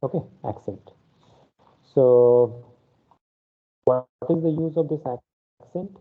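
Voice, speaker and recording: A man's voice: mid-range voice, slow. A man teaching a Spanish class online, explaining step by step and often checking in with an "okay". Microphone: video call. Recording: phone-like online class audio.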